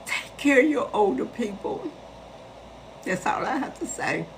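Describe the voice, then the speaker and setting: On the high side and sing-song, this woman's unhurried voice carries a faint hiss or hum. In her sixties and from Chicago's west side, she chattily and emphatically tells a story to her live-stream viewers as host.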